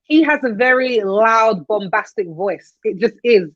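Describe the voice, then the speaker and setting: A woman's voice: a little high, lively intonation, a little slow, a bit bright, no echo. A young woman chatting on a podcast panel, telling stories and laughing often. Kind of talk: casual panel chat. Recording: dull lo-fi podcast audio.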